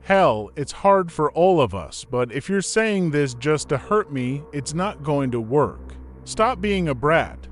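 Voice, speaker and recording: A man's voice: on the high side, very animated, takes it slowly, few pauses. Guy doing a mom in denial, defensive and pushy, faint hiss behind. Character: worried middle-aged mother in denial.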